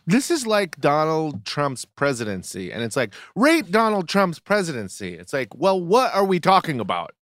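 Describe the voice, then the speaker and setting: Teasing man with animated delivery. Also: on the high side, normal speed, hardly any pauses, no echo, studio quality. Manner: teasing, playful, animated banter. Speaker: podcast co-host. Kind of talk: casual chat.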